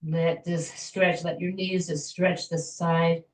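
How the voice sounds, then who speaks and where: Gentle woman leading a stretching class. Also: lowish voice, little pitch movement, takes it slowly, distant mic. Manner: gentle, chatty, self-joking with little laughs. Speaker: fitness instructor. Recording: echoey room, voice from afar.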